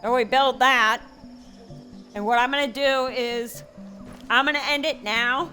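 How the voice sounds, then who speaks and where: An older woman chats her way through a gameplay video, drifting into long folksy stories full of fillers. Her voice sits a little high and sounds bright and clear. She talks at an unhurried pace, and faint game music plays behind her. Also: fairly even intonation. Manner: rambling, folksy, chatty with many fillers. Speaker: gaming channel host. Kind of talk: casual gameplay commentary with storytelling.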